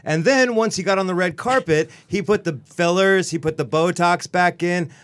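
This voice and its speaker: A man's voice: sits high, normal speed. A man guest on a radio talk show, playfully telling stories in casual chat. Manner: animated, playful storyteller.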